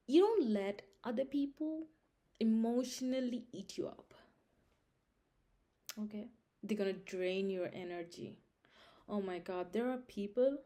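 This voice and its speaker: Mellow-voiced woman giving emphatic advice. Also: mid-range voice. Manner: emphatic, repeats points, checks in with "Understand?". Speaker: vlog host giving life advice. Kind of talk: casual direct-to-camera advice.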